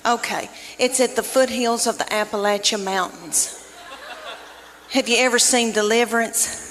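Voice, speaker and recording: A woman's voice: fairly high pitch, fairly even intonation, normal speed, fairly bright tone, a little hiss or hum. A woman, telling folksy, self-mocking stand-up stories. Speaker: stand-up comedian. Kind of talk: stand-up storytelling.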